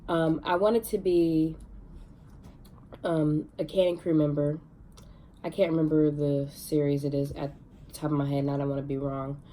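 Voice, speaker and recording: A young woman vlogging, telling her own story in a chatty, excitable way with many fillers. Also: deep voice, slight background noise. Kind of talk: casual storytelling to camera.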